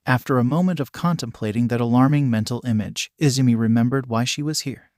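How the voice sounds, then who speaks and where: A man reads a fan story aloud at a steady, even pace. His voice sits in an average male register. The sound is close and dry, with no room echo. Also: medium pitch, quick pace, hardly any pauses. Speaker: fanfiction narrator. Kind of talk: story narration.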